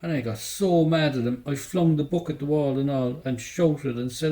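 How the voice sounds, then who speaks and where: Mellow-voiced Cork Irish man reading a novel. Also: a little high, normal speed, hardly any pauses, low-quality recording. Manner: loose, slangy storytelling in a young narrator's voice. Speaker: audiobook reader. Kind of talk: first-person novel reading.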